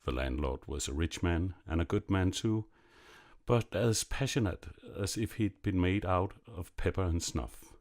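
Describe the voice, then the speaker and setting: A man narrating a classic fairy tale in a measured, expressive reading. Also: low-pitched. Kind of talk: storybook narration.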